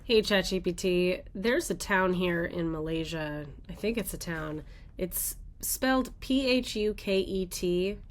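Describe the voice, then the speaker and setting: A woman's voice: on the low side, slow pace. A woman hosting a daily weather radar show, thinking aloud in casual, rambling commentary as she looks at the maps.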